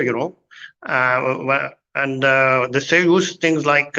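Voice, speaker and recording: A man's voice: mid-range voice, steady tone, takes it slowly, sharp tone. A man chatting casually as a guest on a live show, speaking hesitantly with many fillers. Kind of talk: casual chat. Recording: dull lo-fi live stream audio.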